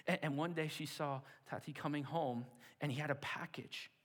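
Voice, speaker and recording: A man preaching, telling a story dramatically with repeated words and hushed asides. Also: on the high side, fairly even intonation, moderate pace. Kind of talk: sermon storytelling. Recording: long hall reverb.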